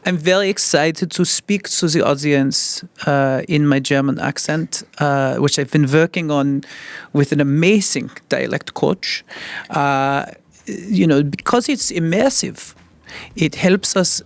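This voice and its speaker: A man's voice: fairly high pitch, slow pace, vocal fry. A man, a stage actor, talking enthusiastically in a press interview, chatty and often restarting his sentences.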